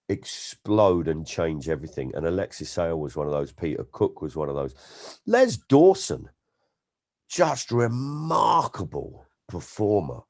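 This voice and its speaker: A man, a comedian, chatting as an interview guest and telling stories in an animated way, often slipping into impressions. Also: fairly low pitch. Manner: animated storyteller, slips into impressions. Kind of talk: casual interview chat.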